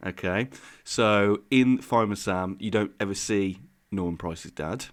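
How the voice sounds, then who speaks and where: A man's voice: on the low side, a little slow. A man co-hosting a podcast in casual chat, rambling through his explanations with frequent laughs. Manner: rambling, eager explainer who laughs often. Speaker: podcast co-host.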